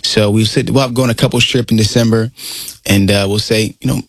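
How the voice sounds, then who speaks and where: A man's voice: on the low side, fairly quick, no echo. A man in his thirties, a guest in a casual interview, talking earnestly and acting out the people he quotes. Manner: earnest, animated storyteller who acts out quotes.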